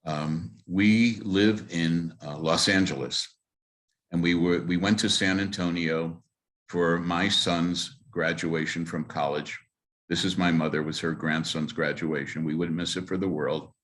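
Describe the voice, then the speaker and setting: A man with a very low, deep voice tells stories to a congregation, speaking as a rabbi. He acts out the dialogue in his stories with animated delivery. He often pauses on filler words. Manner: animated storyteller who acts out quoted dialogue, with frequent fillers. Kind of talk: storytelling talk to a congregation.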